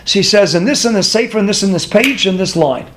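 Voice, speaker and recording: Guy with a high voice giving a torah class, rambles into stories, laughs a bit, keeps asking the room questions. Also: animated, a little fast, a bit bright, a little hiss or hum. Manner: digressive storytelling with chuckles; asks the audience rhetorical questions. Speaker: Torah teacher.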